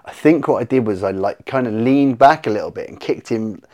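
A man appears as a podcast guest, telling animated stories in casual chat while swearing freely and acting out his own reactions. He talks briskly in a mid-range voice.

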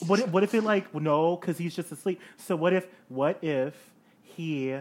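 A woman's voice: low-pitched, darkish tone, slight background noise. A woman playing a tabletop game, joking and playful. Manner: playful, quick to laugh. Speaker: player. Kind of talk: casual tabletop game play.

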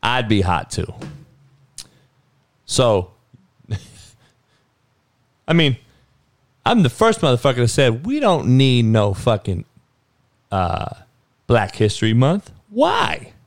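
A man hosting a podcast, ranting with a steady stream of profanity. His voice sits at an ordinary middle pitch, and he drops into low mutters before flaring up loud. The sound is dry and close. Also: slow pace, long pauses, dry recording. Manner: heavy swearing, swings from muttering to loud outbursts. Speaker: podcast host. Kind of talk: profane sports and news rant.

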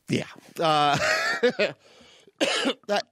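A man's voice: fairly high pitch, fairly bright tone, clean tone, dry recording, studio quality. A man co-hosting a podcast, chatting loosely and swearing while he rants in a laid-back way. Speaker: podcast co-host. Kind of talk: casual chat.

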